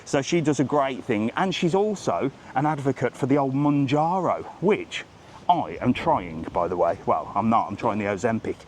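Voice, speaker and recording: A man with a mid-range, darkish voice talks at normal speed, his pitch swinging widely, over slight background noise. He's a travel vlogger hosting a live walking vlog on a seaside street, filmed on a handheld phone camera. Chatty and jokey, he greets and jokes with passersby.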